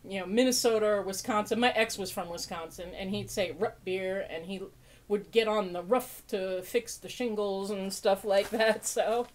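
A podcast host with a medium-pitched voice talks at a moderate pace as she opens mail on a casual show. She's gushing and laughs often, poking sarcastic fun at herself.

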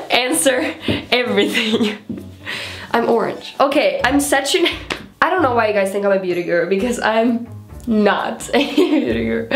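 Giggly chatty woman in an echoey bathroom. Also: a little high. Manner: giggly, chatty, swears casually. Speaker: beauty vlogger. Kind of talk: casual vlog chat. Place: bathroom at home.

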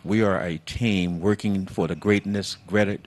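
A fairly low-voiced man runs a call-in talk show in a folksy, easygoing way. He leans on words for emphasis and talks to his callers like old friends. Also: steady tone. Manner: folksy, drawn-out emphasis, calls guests baby.

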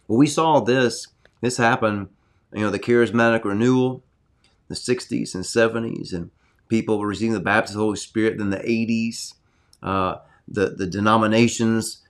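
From his home study, a man preaches informally to an online audience, earnest and conversational, occasionally raising his voice loudly for emphasis. His voice is fairly low and steady, at a normal speed.

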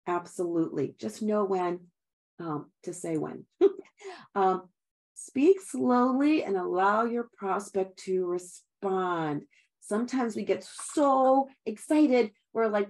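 A woman's voice: mid-range voice, expressive, slow pace, darkish tone. Chatty, encouraging woman sales trainer. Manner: chatty and encouraging, addresses listeners as guys, laughs often. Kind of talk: upbeat sales training talk.

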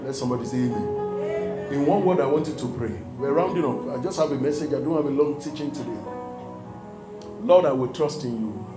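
A man's voice: medium pitch, fairly quick, echoey room, loud music behind the voice, rough recording. A male pastor preaching a sermon, reading scripture and putting questions to the congregation for them to answer. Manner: emphatic call-and-response preaching.

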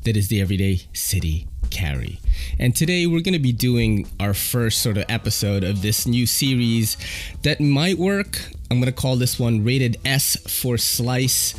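A man's voice: medium pitch, expressive, moderate pace. A man casually reviewing a knife off the cuff at home, chatty and full of slang. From New York City. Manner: slangy and laid-back, chatty asides. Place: home, at a table.

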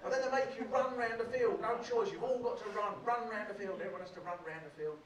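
A man's voice: high-pitched, quick pace. A man doing stand-up comedy on a club stage, telling chatty stories about school and acting out the people in them. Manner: chatty storytelling, acting out voices. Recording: roomy live club recording from a distance, crowd.

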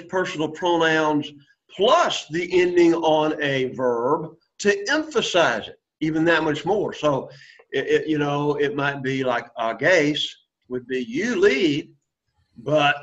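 A man lectures a classroom on Greek grammar, often checking in with students. His voice sits fairly high for a man, and he keeps it encouraging. The lo-fi classroom recording sounds dull and muffled. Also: fairly bright tone. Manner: encouraging, quizzes students, frequent "okay?" and "right?" checks. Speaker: Greek teacher.

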